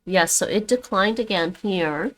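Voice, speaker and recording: A woman's voice: medium pitch, a little slow, fairly bright tone, poor audio. A woman streaming her language practice, thinking aloud and repeating words after an app.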